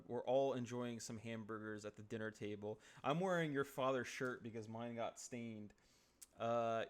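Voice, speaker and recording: A man's voice: mid-range voice, smooth. A man streaming from home, improvising a comedic role-play scene in a casual, playful, profane way.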